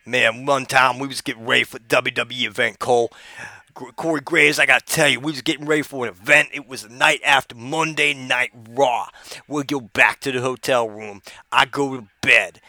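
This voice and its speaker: A man doing a comic impression of a brash, boastful male wrestling personality who drawls through tall tales and shouts taunts. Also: medium pitch, steady tone, normal speed, dry recording. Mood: rowdy.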